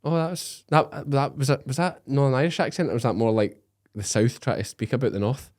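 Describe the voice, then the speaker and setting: A Scottish man hosting a podcast in easy, chatty style. He trades jokes and teasing banter with his co-host, and his voice sits at an ordinary middle pitch. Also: fairly even intonation, fairly quick, a little mellow. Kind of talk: casual chat.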